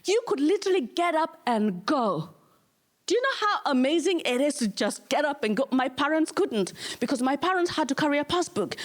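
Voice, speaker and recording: A woman from Kenya with a Kenyan accent, doing live stand-up comedy in an emphatic way, repeating her lines for effect. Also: high-pitched.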